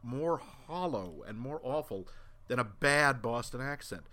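Man, from New England, animated, opinionated, casual talk. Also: medium pitch, unhurried. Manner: animated, opinionated, laughs often. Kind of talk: casual film discussion.

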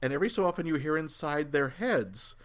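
A man from New England giving animated, opinionated takes in a casual film conversation, laughing often. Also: a little high, brisk.

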